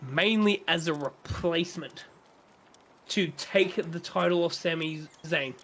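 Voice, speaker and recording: A man's voice: on the high side, measured pace, a bit bright, a little hiss or hum. A man chatting on a gaming stream, ranting with strong opinions and frequent swearing. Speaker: streamer co-host. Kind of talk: casual chat during a gaming stream.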